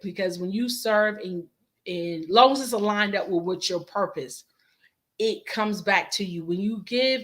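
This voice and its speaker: Slow-talking woman with a strained voice. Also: mid-range voice, a bit bright. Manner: slow, emphatic, repeats phrases for encouragement. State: voice strained from sinus infection. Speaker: life coach and faith speaker. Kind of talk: motivational virtual class. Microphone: video call.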